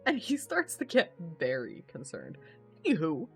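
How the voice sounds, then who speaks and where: Woman, author, host, casual stream chat, laughs a lot, swears casually, lowish voice. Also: huge pitch swings, normal speed, creaky, soft background music. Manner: chatty, laughing often, swearing, full of fillers.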